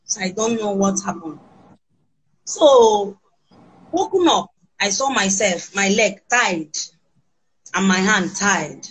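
Husky-voiced Nigerian woman recounting an ordeal. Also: mid-range voice, animated, a bit bright, low-quality recording. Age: adult with children. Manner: halting, restarting sentences. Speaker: kidnapping survivor interviewed.

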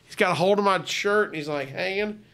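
A man's voice: sits high, a little fast. A man telling a story as a guest on a comedy podcast, acting out the voices of the people in it. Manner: animated, acts out quoted voices.

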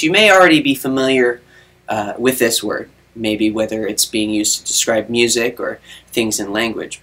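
A man's voice: medium pitch, bright, forceful tone. A man teaching an online rhythm class for children, explaining patiently and counting beats aloud. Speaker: music teacher.

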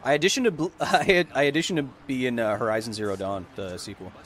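A man's voice: mid-range voice, quick pace, a bit bright. A man in his thirties with an American accent, casually streaming a game and joking with chat. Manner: joking, tries out voice impressions. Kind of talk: casual gameplay livestream.

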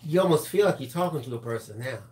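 A man co-hosts a live craft stream in a relaxed, animated way. He tells stories to the viewers and reads out their comments as they come in. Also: medium pitch, fast. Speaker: crafting show co-host. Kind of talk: casual live-stream chat.

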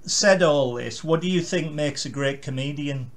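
A man's voice: fairly high pitch, normal speed. A man hosting a comedy interview podcast who speaks chattily and agrees with his guest in short interjections. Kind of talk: casual interview.

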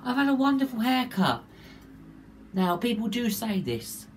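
Man, vlog host, stuffy cold, sore throat, showy, swings high and low, faint hum behind. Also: very animated, measured pace, long pauses. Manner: upbeat and showy, with big jumps between bright greetings and low asides. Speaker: vlogger and show host. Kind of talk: casual weekly vlog.

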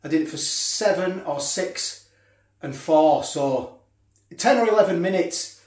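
This male food vlogger chats casually between bites, occasionally talking with his mouth full. His voice sits slightly high for a man but has a darkish tone, and he speaks a little slowly with lively intonation. Noticeable echo rings through the kitchen.

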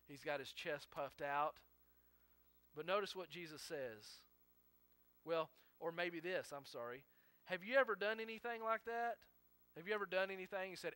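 A man's voice: on the high side, expressive, normal speed, pushed and bright, no echo. A male pastor preaching a sermon in an earnest way, acting out the quotes he reads and often correcting himself mid-sentence.

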